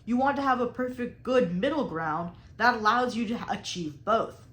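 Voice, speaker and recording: Speaking at normal speed, a young woman with a slightly high, somewhat bright voice teaches speaking technique as a debate coach. She stresses key words intentionally and varies her tone deliberately in an explanatory, emphatic way. The recording has a roomy sound.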